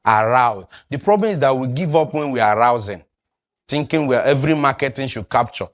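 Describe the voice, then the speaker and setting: A man's voice: mid-range voice, fast talker. Guy teaching a sales class, voice swings up and down a lot, keeps asking the room questions. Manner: animated, quizzes the audience. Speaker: sales trainer. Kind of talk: classroom lecture.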